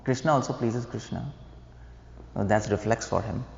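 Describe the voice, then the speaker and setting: A lowish, gravelly, darkish-toned male voice at a moderate pace belongs to a preacher lecturing devotionally in a temple hall. He explains, poses rhetorical questions to listeners, and chuckles at his jokes. Slight background noise sits under a dull, lo-fi, echoey recording.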